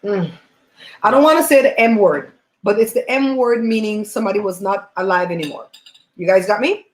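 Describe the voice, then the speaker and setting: A woman's voice: medium pitch, a little fast. Chatty woman storyteller, roomy laptop sound. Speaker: host. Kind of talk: casual chat while eating on a livestream. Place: home. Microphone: laptop mic. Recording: roomy home room on laptop mic.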